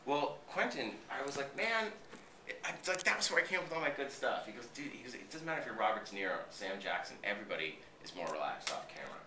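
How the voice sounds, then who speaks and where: A lively, bright-voiced man from Boston tells set stories in an interview, swearing freely and acting out other people's lines. The recording is roomy and echoey, with him some way from the mic. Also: medium pitch, quick pace, a little hiss or hum. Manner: animated, profane, acts out what others said. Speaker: actor being interviewed. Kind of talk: casual interview storytelling. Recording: roomy echo, voice from a distance.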